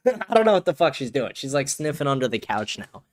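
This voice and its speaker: A young man hosting a casual livestream from home, blunt and profane, ranting and breaking into excited shouts. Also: medium pitch, moderate pace. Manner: animated, bursts of excited shouting. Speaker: livestream show host. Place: home, with a dog nearby.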